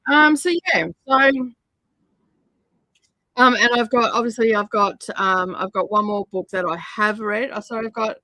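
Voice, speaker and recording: A livestream host chats casually while crafting in her home craft studio, rambling and using many fillers. She speaks at medium pitch and normal speed with a sharp tone, recorded roughly and without room sound.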